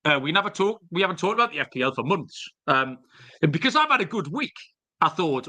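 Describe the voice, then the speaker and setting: Bright-voiced man rambling. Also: a little high, very animated, fast talker. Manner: rambling, jokey storytelling with swearing. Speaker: podcast co-host. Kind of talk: casual chat.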